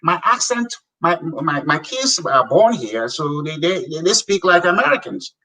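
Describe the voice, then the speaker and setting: Blunt, bright-voiced Nigerian man. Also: fairly high pitch, measured pace, recorded from a distance, poor audio. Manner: blunt, emphatic, animated storyteller. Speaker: guest, businessman. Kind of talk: interview conversation.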